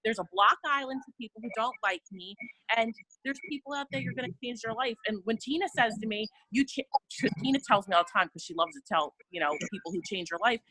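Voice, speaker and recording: Chatty high-voiced woman, dry sound. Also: quick pace, bright, forceful tone, no room sound, rough recording. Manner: chatty, eager storytelling with many "like"s. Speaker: team member on a call. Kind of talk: casual group call.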